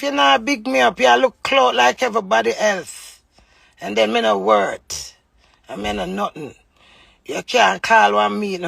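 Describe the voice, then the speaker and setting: A woman's voice: on the low side, vocal fry, slightly rough, no echo. A woman with a Jamaican accent, ranting heatedly and scolding her husband directly on a vlog. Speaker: vlogger. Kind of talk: angry live rant.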